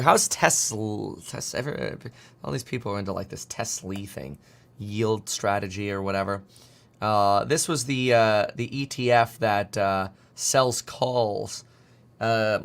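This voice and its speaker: Man in his 30s, casual livestream host; quick, rambling, jokey delivery while working charts. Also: on the low side, creaky, a bit bright. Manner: fast, rambling, jokey, talks to himself while clicking charts. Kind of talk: casual market commentary livestream.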